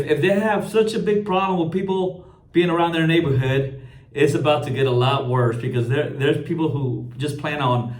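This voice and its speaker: Brief: male video commentator, slightly high voice, stumbling restarts, casual delivery. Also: reverberant. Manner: halting, with frequent restarts and repeated words.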